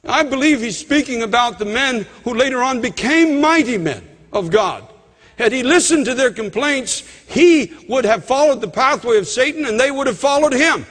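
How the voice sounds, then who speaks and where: A man's voice: extremely high pitch, expressive, normal speed, fairly bright tone. A man preaching a sermon as a pastor, reading and explaining scripture, rising sharply in emphasis when he quotes verses. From Canada. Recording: reverberant hall.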